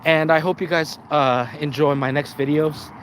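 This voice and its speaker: A man's voice: on the high side, steady tone, moderate pace, fairly bright tone, a little hiss or hum. Rambling, swearing male streamer. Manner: rambling and profane, with frequent restarts. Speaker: channel host. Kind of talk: casual live-stream chat.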